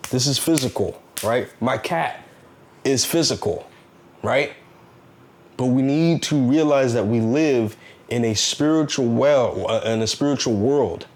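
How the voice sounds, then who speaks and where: A man talks straight to the listener in a casual, earnest motivational monologue. He sounds preachy, circles back on his points and keeps asking rhetorical questions. His voice sits at an ordinary middle pitch. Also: a little slow, a little mellow. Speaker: self-help vlogger.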